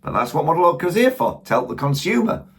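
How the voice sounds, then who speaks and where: A man's voice: a little high, sing-song, fast, fairly bright tone, slightly rough. A middle-aged man with a Yorkshire accent, hosting a model railway channel and chatting through a casual product review, rambling and asking viewers questions.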